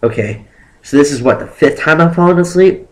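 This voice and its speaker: A young man telling a story casually on his vlog, animated and rambling, with lots of "like" fillers. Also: fairly high pitch, fairly quick, low-quality recording. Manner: acts out exaggerated quotes of himself and others. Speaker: vlogger.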